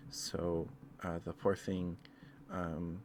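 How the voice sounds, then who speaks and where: A man rambling in a soft-spoken ASMR style, hesitant and full of fillers, tender and easily moved. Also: sits low, level tone, very slow, slight background noise. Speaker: ASMR streamer.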